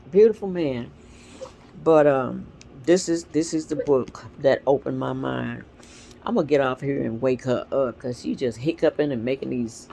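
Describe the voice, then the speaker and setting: A woman with congested sinuses, talking at home in an earnest, rambling way about her spiritual life on her vlog. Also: low-pitched. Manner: earnest, rambling, animated storytelling. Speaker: vlog host. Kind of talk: casual spiritual reflection. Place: at home with a dog nearby.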